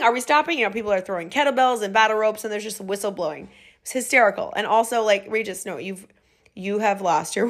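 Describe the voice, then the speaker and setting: A woman hosts a podcast from her home and tells a story in a casual, chatty way. Her delivery is animated, and she often breaks into laughter. Her pitch sits in the middle range for a woman. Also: creaky. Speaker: podcast host.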